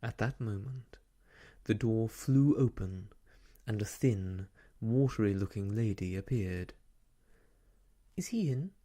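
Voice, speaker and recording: A man reading a children's classic aloud in a gentle, hushed, half-whispered ASMR style. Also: lowish voice, measured pace. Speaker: storyteller. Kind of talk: soft-spoken ASMR story reading.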